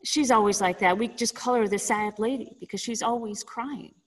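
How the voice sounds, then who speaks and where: A woman's voice: a little high, moderate pace, natural voice. Offhand tea shop vendor, as a woman puts it on.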